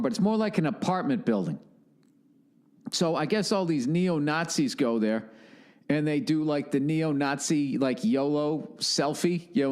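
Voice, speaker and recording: A man hosting a podcast alone, telling a rambling comic monologue full of sarcasm, swearing and tangents. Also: fairly high pitch. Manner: profane, sarcastic, tangent-prone. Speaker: podcast host.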